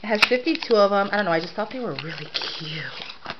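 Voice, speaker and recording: A woman's voice: mid-range voice, lively intonation, fairly quick, lo-fi sound, noisy background. Gushing woman showing craft supplies. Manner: gushing, enthusiastic about cute craft supplies. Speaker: craft haul vlogger. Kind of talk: casual show-and-tell.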